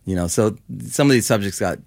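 Fairly quick and lively in intonation, this lowish, darkish voice belongs to a musician from Los Angeles in his fifties. He talks casually as an interview guest, rambling with lots of "like" and "you know," in a dry recording.

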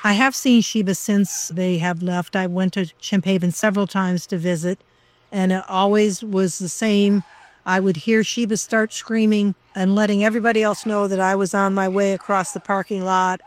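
An older woman speaks in a documentary interview about her years as a researcher. She talks in a reflective, emotional way and comes close to tears. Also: medium pitch. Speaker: former chimpanzee researcher.

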